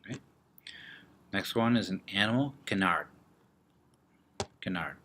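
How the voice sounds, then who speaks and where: Deep-voiced slow male French teacher. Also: lively intonation, fairly bright tone, slight background noise. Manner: slow, repeats words and drills with gestures. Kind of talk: classroom vocabulary lesson.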